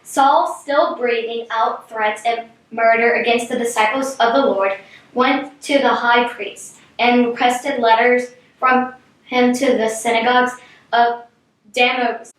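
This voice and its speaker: A woman's voice: a little high, fairly even intonation, a little slow, distant mic. A young woman reading scripture aloud in a plain way and stumbling on names. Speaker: scripture reader. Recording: echoey room, off mic.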